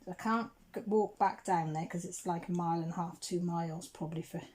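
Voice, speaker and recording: A woman's voice: lowish voice, fairly even intonation, fairly quick, darkish tone, a little hiss or hum, lightly acted. A woman retelling her upset teenage daughter's words in a fretful voice. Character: upset teenage daughter fretting over lost necklace.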